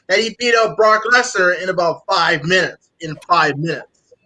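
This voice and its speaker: A man's voice: high voice, moderate pace, pushed and bright. A young man co-hosting a casual chat, often stumbling and repeating his words. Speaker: co-host.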